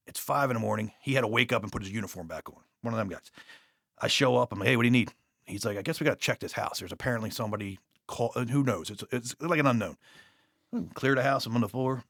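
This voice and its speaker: Fast-talking gravelly man telling cop stories. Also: medium pitch, no room sound, clean studio sound. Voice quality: profane, rambling, animated retelling with quoted dialogue. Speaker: podcast guest, police officer. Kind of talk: casual storytelling. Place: podcast studio.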